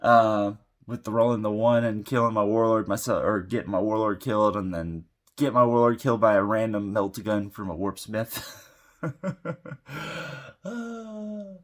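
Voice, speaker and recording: A man's voice: lowish voice, steady tone, a little fast. A man hosting a tabletop gaming channel, giving a casual, rambling recap of his game with many fillers and restarts while getting over an illness. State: sick.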